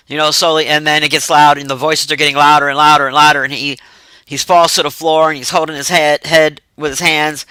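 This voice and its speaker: Man, casual film recap, rambling, profane, slightly high pitch, dry close sound. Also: pushed and bright, clean tone, no echo, low-quality recording. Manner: rambling, profane, laughs often. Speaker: movie reviewer.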